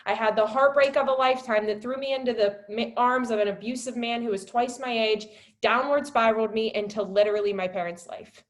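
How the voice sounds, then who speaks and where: A woman's voice: fairly even intonation, a little fast. Emotional storytelling woman, filler-heavy. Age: 20s. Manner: rises high and loud when reliving moments. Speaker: wellness coach. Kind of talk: personal testimony on a webinar.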